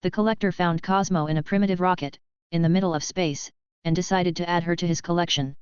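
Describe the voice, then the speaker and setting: A woman's voice: lowish voice, fairly even intonation, quick pace, smooth, dry recording, lightly acted. A woman voicing a young female companion in a storybook reading, in an informative, explaining manner. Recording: dull, lo-fi dry recording.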